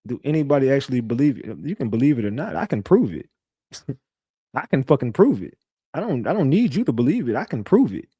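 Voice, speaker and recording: A man's voice: medium pitch, very animated, fast, warm tone, husky, dry recording. A man hosting his own online show, telling stories to his viewers in a casual, profane, rambling way. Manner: profane, rambling, conversational storytelling.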